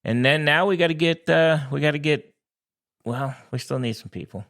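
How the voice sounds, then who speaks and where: A man co-hosting a casual sports podcast, talking in an animated, joking way with frequent restarts. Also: a little high, normal speed. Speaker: podcast co-host.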